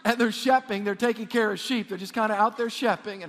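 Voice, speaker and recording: Pastor, male, high voice, energetic preaching with call-and-response, long hall reverb. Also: fast talker. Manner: energetic, repeats words, asks the congregation to respond. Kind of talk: sermon. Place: church sanctuary.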